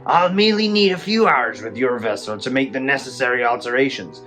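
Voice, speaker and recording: A gamer voicing a mysterious, formal male collector in a video game, speaking slowly in a low, strained, would-be gravelly voice. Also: expressive, a bit bright, soft background music, natural voice. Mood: stately. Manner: slow, low, stately delivery.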